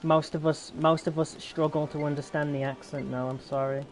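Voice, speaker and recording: A man's voice: a little high, flat delivery, moderate pace, a little hiss or hum. A young British man chatting casually while playing, rambling and answering his chat. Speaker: gaming YouTuber. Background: game music and gunfire.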